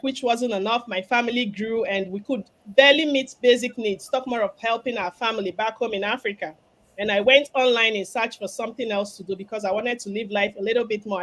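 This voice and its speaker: Nigerian lady hosting a live business stream, has a cough, upbeat and salesy. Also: on the high side. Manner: upbeat, promotional. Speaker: host, business mentor. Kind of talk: live stream panel chat.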